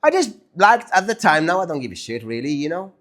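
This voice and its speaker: A man from Algeria with a French-tinged mixed English accent, a podcast co-host telling stories in a casual, animated way and swearing casually. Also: on the high side, quick pace. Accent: French-influenced English, mixed British, Australian and American. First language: French and Arabic. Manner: animated storyteller, acts out quoted voices, swears casually. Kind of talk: casual chat.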